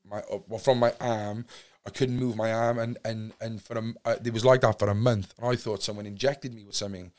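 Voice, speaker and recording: A man's voice: fairly low pitch, fairly even intonation, brisk, a little mellow. A young man with a Cardiff accent, telling his story as a podcast guest in rambling talk full of fillers and restarts. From Wales. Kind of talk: candid storytelling.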